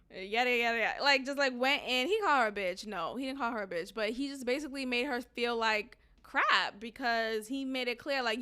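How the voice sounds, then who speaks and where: A woman's voice: a little high, pushed and bright. A woman hosting a casual solo podcast, blunt and profane, rambling with fillers and frequent laughter. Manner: blunt, swears freely, laughs often; rambling with many fillers and restarts. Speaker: podcast host.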